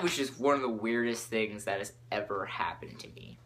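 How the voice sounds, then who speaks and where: A teenage boy hosting his own podcast, rambling excitably from topic to topic with lots of fillers. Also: on the low side, fairly quick, few pauses, slight background noise. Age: teens. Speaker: podcast host.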